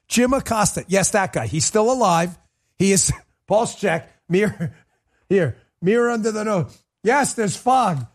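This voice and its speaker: A male political talk host delivers a livestreamed commentary in a high, lively voice. His tone is emphatic and sarcastic, swinging widely as he rants.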